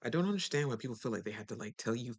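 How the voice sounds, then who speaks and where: A host giving a casual motivational talk, chatty and direct with listeners, and animated when acting out other people. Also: mid-range voice, rapid-fire.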